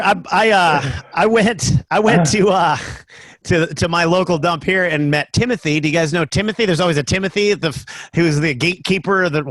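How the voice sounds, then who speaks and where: A man's voice: high-pitched, fairly quick, fairly bright tone, no echo. A man in his fifties doing a stand-up comedy set over a video call, telling jokey stories with lots of fillers. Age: 50s.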